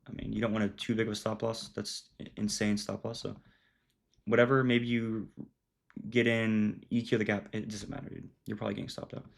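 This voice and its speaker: A man's voice: on the low side, flat delivery, a little fast, gravelly. A young man giving a loose, casual recap of his trades as a trading educator, full of fillers and "dude". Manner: loose, filler-heavy, says "dude" and "bro".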